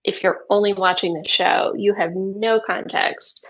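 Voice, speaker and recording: A woman's voice: mid-range voice, steady tone, measured pace, lo-fi sound, a little hiss or hum. A woman co-hosting a casual podcast chat, speaking thoughtfully about how the scenes feel. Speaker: podcast co-host.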